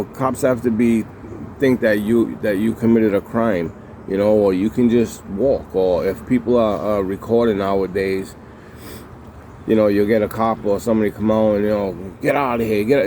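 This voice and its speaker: A man's voice: lowish voice, mellow, slight background noise. A man recounting his time in prison in a heated, profane way, repeating himself and acting out what people said. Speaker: former prisoner telling his story. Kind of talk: casual storytelling to camera.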